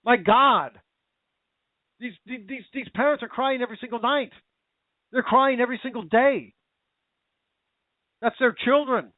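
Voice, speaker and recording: A man's voice: very high voice, measured pace, long pauses, dry recording. A man hosting a talk radio show, ranting with emotion and repeating himself as his anger builds. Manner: angry, emotional, repetitive ranting. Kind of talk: impassioned talk radio monologue. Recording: tinny phone-like sound.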